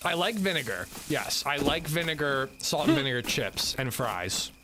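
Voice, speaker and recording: A man's voice: fairly high pitch, expressive, moderate pace, sharp tone, a little hiss or hum. A man chatting casually while livestreaming a video game, rambling and self-mocking. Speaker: game streamer.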